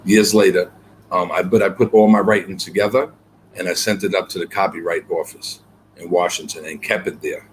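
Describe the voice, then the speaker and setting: A guest poet with a very low voice tells his story in an interview, reflective and earnest. He leans on fillers and repeated words, his intonation fairly even. A faint hiss sits beneath his voice.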